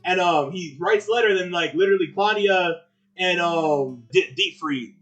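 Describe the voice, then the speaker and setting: A man's voice: high voice, normal speed, fairly bright tone, lo-fi sound, soft background music. A young man co-hosting a casual anime review podcast, rambling along in slang full of "like" and "bro". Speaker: podcast co-host.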